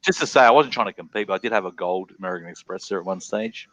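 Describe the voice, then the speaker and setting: A man's voice: deep voice, racing. An Australian man hosting a live panel stream, chatting casually with lots of swearing and jokes. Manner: swearing, animated, jokey. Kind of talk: casual chat. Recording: dull lo-fi stream audio with faint noise.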